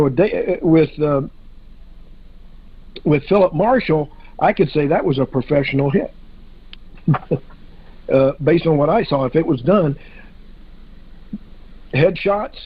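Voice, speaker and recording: A man's voice: fairly high pitch, breathy edge, dull audio. A man in a casual podcast discussion, talking hesitantly with many fillers and restarts.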